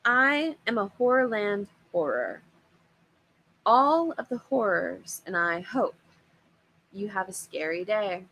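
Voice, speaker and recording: A woman voicing a gruff, low-voiced monster costume worker who is creepily polite. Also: very animated, takes it slowly, sharp tone, full character voice, low-quality recording.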